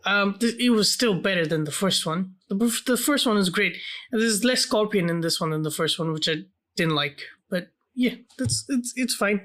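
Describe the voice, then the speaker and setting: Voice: medium pitch, normal speed, fairly bright tone. Podcast co-host, casual chat, laid-back, frequent fillers.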